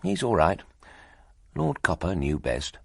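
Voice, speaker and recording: A man's voice: a bass voice, wildly swooping pitch, takes it slowly, gravelly, fairly bright tone, breathy edge, no echo, studio quality, full character voice. A man voicing a meek, fretful middle-aged editor who speaks mildly and apologetically. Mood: weary. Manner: mild and apologetic.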